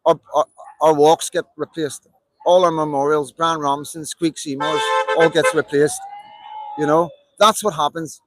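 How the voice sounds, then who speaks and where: A man's voice: on the high side, steady tone, normal speed, faint music behind, rough recording. A man with a Belfast accent, delivering an impassioned, repetitive live-stream monologue in an emphatic, rallying way. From Northern Ireland.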